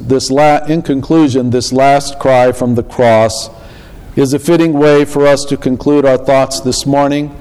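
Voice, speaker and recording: Male pastor, measured sermon delivery, slow, long hall reverb. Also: medium pitch, warm tone. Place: church.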